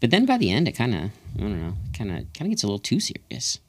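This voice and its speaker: A man's voice: mid-range voice, huge pitch swings, fast talker, husky. A young man co-hosting a casual movie podcast, rambling with many fillers. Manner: rambling, full of fillers and restarts. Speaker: podcast co-host. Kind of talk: casual movie-review chat.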